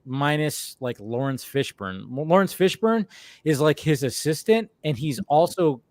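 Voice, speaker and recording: A man's voice: on the high side, animated, measured pace, no room sound. Profane rambling man, dry sound. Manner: rambling, profane, repeats himself. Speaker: host. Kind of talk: casual film discussion.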